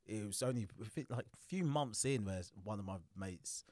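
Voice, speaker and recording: A man's voice: fairly low pitch, normal speed, no echo. A man in his thirties with an Essex accent, a guest comedian telling stories in casual podcast chat and acting out quotes. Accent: Essex English. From Essex, England. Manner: animated storytelling with acted quotes.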